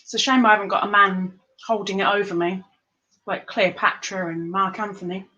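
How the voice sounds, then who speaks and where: A woman hosting a live-streamed trivia game, chatty and playful, reading the questions out slowly. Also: medium pitch, steady tone, pushed and bright, highs cut off. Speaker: livestream quiz host.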